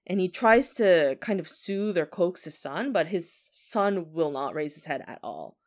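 A woman tells a ghost story in a relaxed, conversational way. She often says 'like' as she talks. Her voice sits a little low. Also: unhurried, few pauses. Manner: chatty, filler 'like' often. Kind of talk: casual spoken ghost story.

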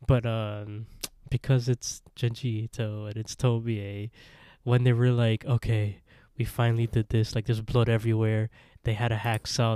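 A man co-hosting a casual podcast, recapping a horror episode with animated retellings. His voice is mellow and warm, recorded dry and close to the mic. He slips into quick voices for each character's lines. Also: mid-range voice, clean tone, dry recording. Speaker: podcast co-host.

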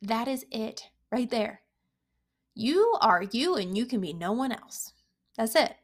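A young woman speaks as a self-help coach, her voice sitting a little high. She talks emphatically and encouragingly, circling back to repeat her key phrases. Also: sing-song, takes it slowly. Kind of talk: motivational monologue to camera.

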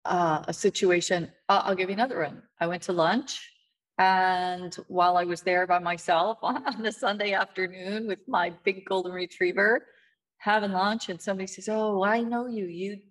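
A woman who advocates for end-of-life issues speaks as an interview guest, her fairly low voice steady and moderately paced. She sounds weary and somewhat frustrated while telling stories candidly and plainly in this conversational storytelling interview.

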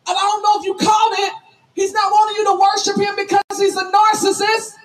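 A woman pastor preaching a sermon loudly and emphatically, calling on the congregation to answer back, in a folksy storytelling manner. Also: extremely high pitch, rough recording. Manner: preaching loudly, emphatic, calls for audience responses; folksy, tells stories on herself.

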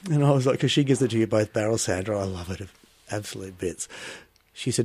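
A middle-aged man with an Australian accent recalls his stage career as an interview guest. He tells his stories expressively and lifts into animated bursts when something amuses him. The recording is dry and close, with no room sound. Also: on the low side, fast talker, no echo. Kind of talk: interview conversation.

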